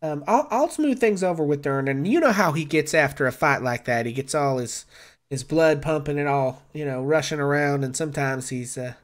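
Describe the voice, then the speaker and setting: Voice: medium pitch, normal speed, natural voice. A game master voicing a folksy, motherly older barmaid who soothes a young worker. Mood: reassuring. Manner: homespun, soothing, calls others dearie.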